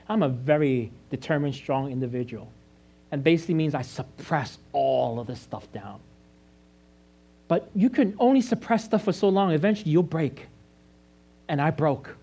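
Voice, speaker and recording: A man's voice: a little high, darkish tone. Earnest man giving a confessional sermon. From China. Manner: earnest and confessional, with frequent restarts and rising emphasis. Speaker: pastor. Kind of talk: personal testimony sermon.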